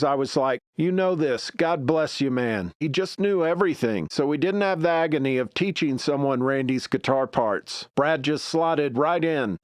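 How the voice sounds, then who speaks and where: A man reading documentary narration and quotes in a steady, measured way. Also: on the high side, no echo, clean studio sound.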